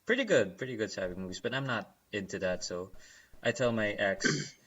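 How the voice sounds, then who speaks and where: A man's voice: on the low side, brisk, highs cut off, a crowd in the background. A young man co-hosting a podcast, casually telling a story with lots of laughter. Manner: animated storytelling with laughter and quoted voices. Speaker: podcast co-host. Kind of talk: casual chat.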